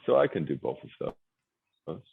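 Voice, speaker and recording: A man with an extremely deep, gravelly voice, rambling and restarting as he searches for his words in casual conversation. The sound is dry and tinny, like a phone line. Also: very animated, normal speed.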